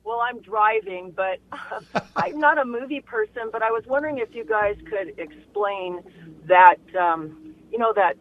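A woman calling in from her car, asking a question with halting, hesitant phrasing. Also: on the high side, expressive, vocal fry. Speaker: caller. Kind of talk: call-in question on phone. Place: in a car while driving. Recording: tinny phone line.

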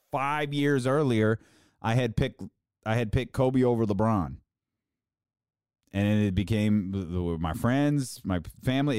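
A man's voice: medium pitch, darkish tone, no echo, clean studio sound. A man hosting a sports podcast, ranting casually and mocking fans in a raised voice.

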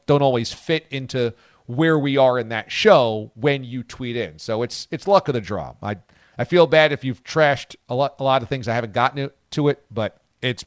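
A man's voice: mid-range voice, no room sound, studio quality. A man hosting a sports radio show, reading listener tweets in casual banter and laughing often.

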